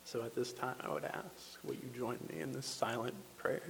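A man leading a congregation in prayer, measured and calm, pausing with fillers. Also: medium pitch, gravelly. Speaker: prayer leader. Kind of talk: slow spoken prayer. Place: church sanctuary. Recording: long church reverb with faint hum.

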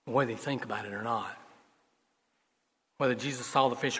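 Husky male pastor, folksy sermon delivery with loud and soft swings, long hall reverb. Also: mid-range voice, brisk, pauses often. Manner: folksy storytelling, swings between loud emphasis and soft asides.

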